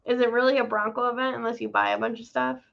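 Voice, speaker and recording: Woman, high and bright, gravelly edge, teasing, dull lo-fi sound. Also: steady tone, fast. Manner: bubbly, teasing, laughs often. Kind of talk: casual chat.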